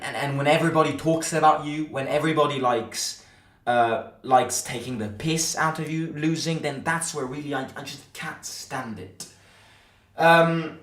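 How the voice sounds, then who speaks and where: A man's voice: medium pitch, fairly bright tone, distant mic. A man hosting a football fan channel, giving a heated, blunt post-match reaction rant, swearing and repeating himself. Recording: roomy, a little off the mic.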